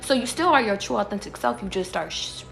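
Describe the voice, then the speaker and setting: A woman's voice: mid-range voice, big pitch swings, fast, creaky, a bit bright, echoey room, soft background music. A woman who reads tarot, giving a casual livestream pep talk to her viewers. She talks profanely and emphatically and keeps asking rhetorical questions. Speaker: tarot reader.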